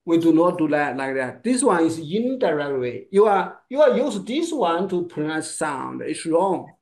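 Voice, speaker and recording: A man who teaches pronunciation, Chinese by birth and first language, gives a one-on-one lesson, modeling sounds slowly in clipped, broken English. His voice is on the high side, very animated and a little mellow.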